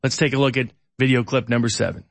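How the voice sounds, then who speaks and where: A male show host giving steady, matter-of-fact commentary and a sponsor read. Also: medium pitch, quick pace, gravelly, no room sound.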